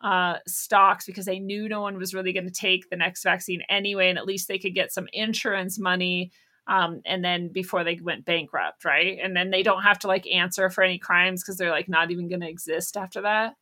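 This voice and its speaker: A woman's voice: on the low side, steady tone, a little fast, pushed and bright. A woman hosting a casual news commentary monologue, sarcastic and profane, laughing often. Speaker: host.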